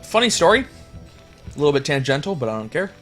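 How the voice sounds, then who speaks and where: Young guy casting a game, kinda high voice, rambly, faint music behind. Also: fast. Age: young adult. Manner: rambling, chatty, excitable at plays. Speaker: game caster. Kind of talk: casual esports commentary.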